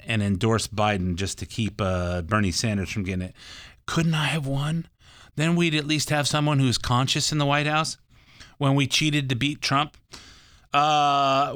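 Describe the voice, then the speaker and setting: A man's voice: medium pitch, a bit bright, no room sound, clean studio sound. An older man hosting a talk radio show, rambling in a casual folksy way with lots of fillers. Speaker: radio show host and mortgage broker.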